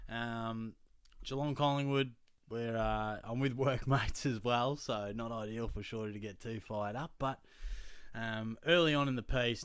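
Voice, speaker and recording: A man's voice: lowish voice, no echo, studio quality. A young Australian man hosting a podcast, telling a story in casual, blokey banter with plenty of swearing. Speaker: podcast host.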